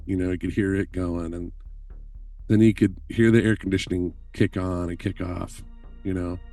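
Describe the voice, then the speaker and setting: A man telling stories on a podcast call in an animated, profane way, laughing often. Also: low-pitched, normal speed, no room sound, distant mic, faint music behind. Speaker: guest filmmaker telling stories. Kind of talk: casual podcast chat.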